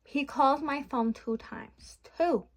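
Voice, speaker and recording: A woman's voice: sits high, slow. A young adult woman vlogging from her bedroom, rambling frankly and venting with swearing in a casual chat.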